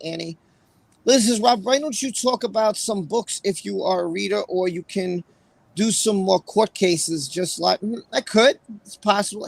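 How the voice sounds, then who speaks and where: High, gravelly-voiced man reading chat. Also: no room sound, low-quality recording. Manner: emotional, apologetic, reads chat names aloud. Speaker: livestream host. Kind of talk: casual livestream chat.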